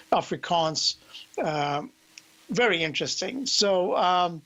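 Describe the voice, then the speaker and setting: Older south african guy doing market commentary, talks slow and rambles a bit. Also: fairly high pitch, fairly bright tone, poor audio. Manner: rambling, conversational, explains slowly. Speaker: radio show host, market technician.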